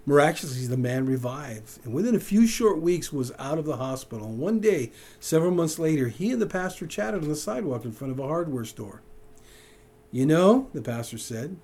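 A man preaching a sermon, animated and conversational, who keeps posing questions to his listeners. His voice is dark and a little husky, and it swings widely up and down as he stresses each point. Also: a little high, fairly quick. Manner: animated, chuckling, asks the room questions. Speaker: pastor.

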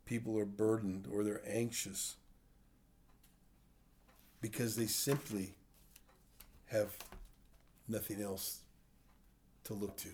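A man's voice: on the low side, dark tone. An older man teaching a sermon in a conversational way, asking his listeners questions as he explains. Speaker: pastor.

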